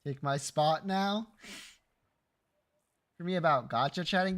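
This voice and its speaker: A man's voice: fairly high pitch, unhurried, a bit bright. A man streaming live, chatting casually with his viewers, teasing and joking and swearing freely.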